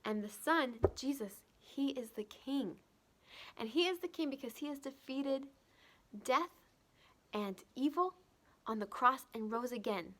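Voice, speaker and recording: Young woman, bright and slightly high, earnest chatty kids' Bible teacher. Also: animated, a little slow, a little hiss or hum. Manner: earnest, chatty, with fillers and restarts. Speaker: children's ministry teacher. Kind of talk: children's Bible lesson.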